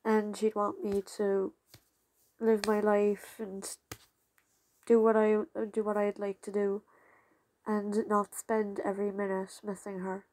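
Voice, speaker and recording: A young woman talking casually to her channel's viewers, rambling and halting with many fillers, close to tears. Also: medium pitch, completely flat delivery, darkish tone. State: fighting back tears. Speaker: channel creator. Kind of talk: casual vlog talk to viewers.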